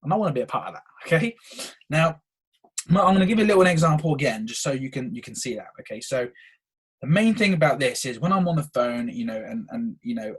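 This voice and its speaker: Young host, husky voice, rapid and eager, keeps saying "okay". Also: male voice, mid-range voice. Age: young adult. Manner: energetic, eager, peppers talk with "okay". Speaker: podcast host. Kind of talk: solo motivational podcast talk.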